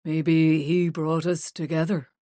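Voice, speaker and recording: A gentle middle-aged man, as a woman narrator puts him on, speaking softly in a lowered voice. He sounds considerate and calm in this romance audiobook, recorded close and dry. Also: slow pace, no echo. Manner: soft, lowered voice.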